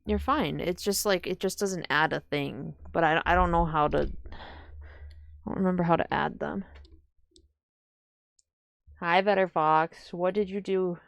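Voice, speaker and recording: A young woman streaming from home, chatting casually to her viewers and often trailing off into low mumbled asides. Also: a little slow, vocal fry, pauses often, no room sound, clean studio sound. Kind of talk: casual live-stream chat.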